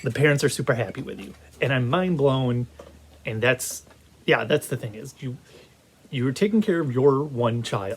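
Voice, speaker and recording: A man rambling through a casual video game review in a mid-pitched voice. He talks with lots of energy and often breaks off to restart a thought. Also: moderate pace, a little hiss or hum. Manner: animated, rambling, many restarts.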